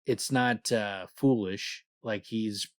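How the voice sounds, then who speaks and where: A man's voice: lowish voice, takes it slowly, no echo, clean studio sound. A man co-hosting a podcast, chatting casually about a book, rambling and swearing freely and reading passages aloud. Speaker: podcast co-host.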